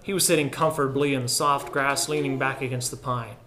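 A man narrating a literary story in a measured, reflective way. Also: mid-range voice, steady tone. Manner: measured and reflective, dropping softer at solemn lines. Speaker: audiobook narrator.

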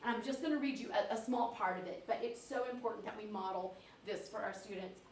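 A woman's voice: medium pitch, quick pace, a little hiss or hum. A woman teacher giving chatty, practical tips on teaching reading. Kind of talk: teacher-training talk. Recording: echoey room.

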